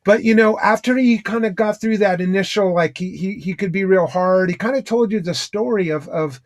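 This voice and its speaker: A middle-aged man hosting an interview, asking questions and sharing memories haltingly with many ums. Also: high voice. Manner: halting, lots of ums and restarts. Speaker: interview host, drum teacher. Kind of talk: casual interview chat.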